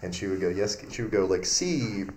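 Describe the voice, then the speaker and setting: A man's voice: low-pitched, flat delivery, very fast, a loud crowd. A young man on a podcast, rambling through an anecdote and acting out what people said. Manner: rambling anecdote-teller who acts out quotes. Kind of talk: casual storytelling chat.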